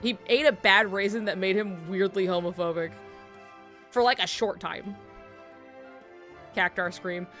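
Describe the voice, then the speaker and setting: A woman's voice: medium pitch, a little slow, long pauses, fairly bright tone, faint music behind. Rambling woman streamer telling a story. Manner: rambling, filler-heavy, breaks into laughter. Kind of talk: casual storytelling to stream chat. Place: home streaming setup while drawing.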